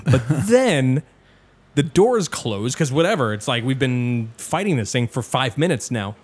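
A young man telling a story in casual chat, animated and swearing often, acting out other people's lines. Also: medium pitch, a little slow, breathy edge.

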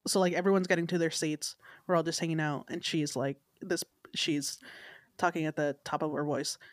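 A woman's voice: normal speed, no echo. A woman co-hosting a podcast, telling stories in casual chat and acting out the people in them. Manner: animated storyteller, mimics people with a raised pitch. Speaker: podcast co-host.

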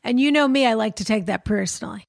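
Playful gravelly-voiced woman host. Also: a little high, quick pace, dry recording, studio quality. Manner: playful, theatrical, teasing. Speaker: podcast co-host. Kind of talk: casual chat.

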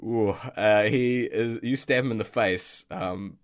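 A man's voice: on the low side, takes it slowly. A man narrating as game master in a tabletop game, hesitant with many fillers and restarts.

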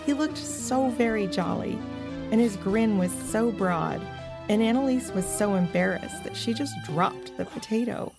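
A woman narrating a children's storybook in a gentle, expressive way. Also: medium pitch, unhurried, gravelly. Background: music.

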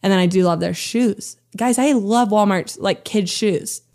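In a casual chat, a thirty-something woman appears as an interview guest, laughing frequently and peppering her bubbly stories with "like." Her mid-range voice is a little mellow and moves at a measured pace.

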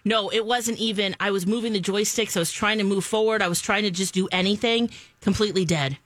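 A woman's voice: mid-range voice, fairly quick, a bit bright, no room sound. A woman in a casual chat, explaining things in a giggly, matter-of-fact way.

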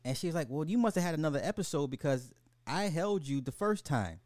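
Animated man telling stories, dry sound. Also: fairly high pitch, fairly quick, no room sound. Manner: animated, swearing, laughs through his stories. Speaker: podcast host. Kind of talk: casual storytelling over a live game.

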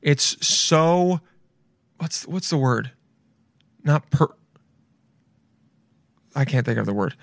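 A man giving casual reaction commentary, rambling and excitable, calling people "dude" and swearing freely. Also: fairly high pitch, takes it slowly, creaky, long pauses, no room sound, clean studio sound. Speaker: video reaction host.

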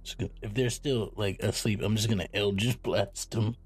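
A man's voice: lowish voice, fairly even intonation, moderate pace, husky, no room sound. A man playing a tabletop game, talking through options in a hesitant way. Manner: deliberating, hesitant. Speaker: player. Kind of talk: casual tabletop play.

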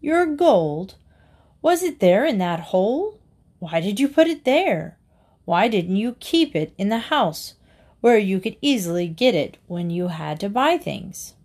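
A woman's voice: mid-range voice, sing-song, a little slow, darkish tone. A woman voicing a sensible male stranger who questions and advises a miser in a storybook reading. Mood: puzzled. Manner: questioning, reasoning. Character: sensible, puzzled male passerby.

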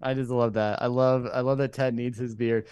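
A man's voice: mid-range voice, little pitch movement, normal speed, a little mellow, smooth, no room sound. A man co-hosting a podcast in casual chat, hesitating with fillers as he retells quotes. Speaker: podcast co-host.

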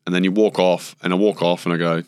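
A man's voice: deep voice, level tone, fast talker, a little mellow, clear, resonant tone, no echo, clean studio sound. An Australian man, a former cricketer, chatting as a guest and telling rambling stories full of fillers and acted-out quotes. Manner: rambling anecdotes with many fillers, acts out quotes. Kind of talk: casual storytelling interview.

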